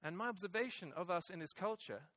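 A man's voice: sits high, expressive, fast, fairly bright tone, dry recording. A middle-aged male pastor preaching a sermon, emphatic and repeating key phrases for weight. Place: church hall with congregation.

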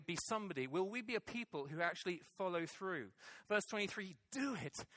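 A man's voice: high-pitched, bright, forceful tone, no echo. A middle-aged male pastor preaching a sermon, emphatic and repeating key phrases for weight. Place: church hall with congregation.

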